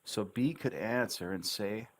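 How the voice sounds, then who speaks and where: A man tutoring English on a livestream, speaking slowly and deliberately with an encouraging teacher's manner. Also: on the low side. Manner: slow, deliberate syllable-stressed delivery of practice dialogues. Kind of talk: livestream language lesson.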